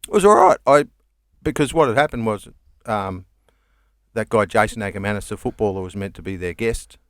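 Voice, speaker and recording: A man's voice: fairly low pitch, a little fast, no echo, studio quality. A comedian man with an Australian accent, telling rambling stories in casual chat, laughing and swearing as he goes. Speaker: comedian guest.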